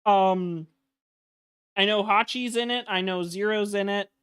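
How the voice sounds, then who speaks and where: A woman's voice: mid-range voice, fairly even intonation, unhurried, fairly bright tone, clean tone. A woman guest chatting casually on a game stream, hesitant with many ums.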